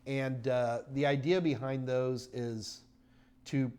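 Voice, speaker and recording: A man's voice: mid-range voice, steady tone, takes it slowly, darkish tone, smooth. A middle-aged man hosting a live Q&A stream, rambling and chatty with lots of fillers and sudden bursts of enthusiasm. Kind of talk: casual live-stream Q&A chat.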